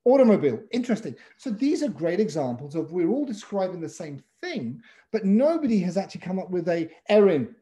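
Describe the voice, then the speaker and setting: An English man from England works as a pitch coach, leading a webinar over a video call and playfully calling on participants by name. His mellow voice is very animated and brisk.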